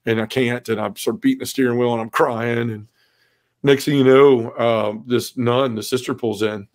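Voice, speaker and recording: Earnest middle-aged man telling his story flatly. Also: medium pitch, moderate pace. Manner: earnest, heartfelt storytelling, frequent "you know" asides. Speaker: podcast guest. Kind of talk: personal conversion story told in conversation.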